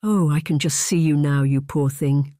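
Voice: medium pitch, steady tone, normal speed, mellow, dry recording, clean studio sound, lightly acted. A narrator doing a witty, spirited young lady. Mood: teasing.

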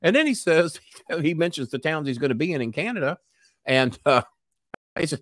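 A man's voice: on the high side, very animated, moderate pace, a bit bright, dry recording, clean studio sound. An older man with a cough, telling a story bluntly and with heavy swearing. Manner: blunt, swears freely, acts out voices. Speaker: podcast guest. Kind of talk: profane storytelling.

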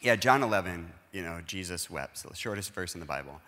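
A man's voice: low-pitched, animated, quick pace, pushed and bright, big-room sound. A man speaking as a pastor in a conversational sermon, earnestly explaining and acting out everyday dialogue. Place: church auditorium.

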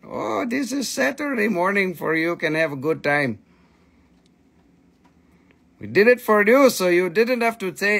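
A man hosting a live crystal sales stream in the shop, talking in a loose, excitable way and squealing with delight at each new price. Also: a little high, normal speed, creaky. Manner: excitable, squeals "whee" at prices, non-native phrasing. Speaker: livestream crystal seller.

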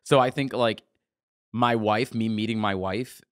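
This young man, a musician who also does church work, is a guest in a relaxed interview, telling stories and acting out the quotes. His voice is fairly low and his pace measured. The studio recording is clean with no echo.

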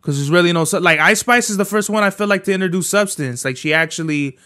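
A man's voice: high-pitched, quick pace, bright, forceful tone, no echo, studio quality. A man hosting his own podcast from home, chatting in a rambling, profane, slang-heavy way. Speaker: podcast host. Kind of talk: casual solo podcast chat.

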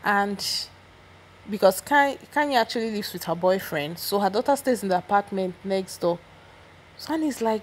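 A woman's voice: medium pitch, moderate pace, a little hiss or hum. Chatty woman recapping gossip. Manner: chatty, opinionated, frequent restarts. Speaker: celebrity gossip vlogger.

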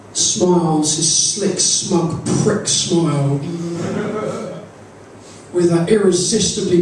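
A male stand-up comedian hosting a club night, talking slowly and dryly as he lands crude punchlines. His voice sits fairly high for a man. It reaches the mic from far off in a heavily echoing room with a faint hiss. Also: darkish tone. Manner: dry, deliberate storytelling with crude punchlines. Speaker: comedian and compere.

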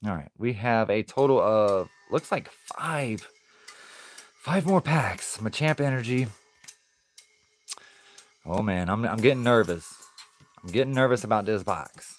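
A man's voice: on the low side, expressive, unhurried, long pauses, faint music behind. A man chatting casually on a live stream as he opens card packs, easygoing and laughing often.

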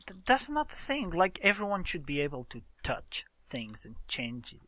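A man hosts a casual let's-play, grumbling and exclaiming as things go wrong. His voice sits a little high and bright, swinging widely in pitch at a slow, unhurried pace. The sound is dry and close. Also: huge pitch swings, no room sound. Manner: exasperated, exclaiming, explaining game mechanics. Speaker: gaming channel host.

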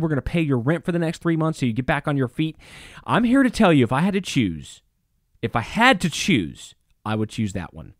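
A man's voice: fairly high pitch, dry recording, studio quality. A man preaching a sermon as a pastor, impassioned and emphatic, repeating phrases for stress.

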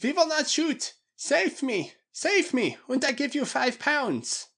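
A man's voice: extremely high pitch, very animated, slow, vocal fry, fairly bright tone, pitched above the performer's own voice, full character voice. A male audiobook narrator voicing a frightened, cowardly man who shrieks and begs in broken English. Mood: panicked pleading. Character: panicky cowardly man, shrill and pleading. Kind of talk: audiobook character voice.

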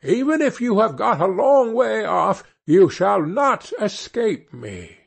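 A man reading a fairy tale aloud, voicing a wicked, murderous old witch in a raised, sharp voice. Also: a little high, very animated, slow, gravelly, breathy edge, heavily acted. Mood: furious.

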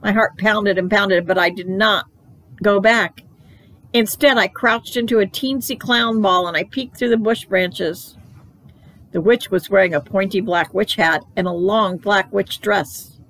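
Gravelly-voiced woman reading a children's book. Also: medium pitch, unhurried, poor audio. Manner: expressive, playful. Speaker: library storyteller. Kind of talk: children's book read-aloud.

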